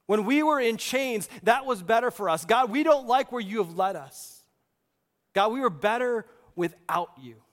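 A pastor voicing a whiny, complaining crowd of desert wanderers in a sermon. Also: male voice, high voice, big pitch swings, measured pace, hardly any pauses, a bit bright, in a large hall, heavily acted.

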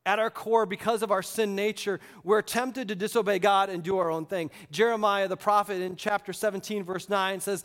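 A man's voice: high-pitched, steady tone, moderate pace, hardly any pauses, a bit bright, long reverb tail. A man preaching a sermon as a pastor, casual and conversational with rhetorical questions.

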